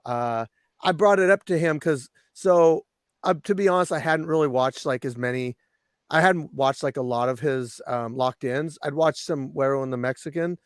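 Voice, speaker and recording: A man's voice: fairly high pitch, normal speed, clear, resonant tone, no room sound. Rambling male podcast host, dry sound. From Washington State. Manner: rambling, many fillers and restarts. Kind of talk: casual chat.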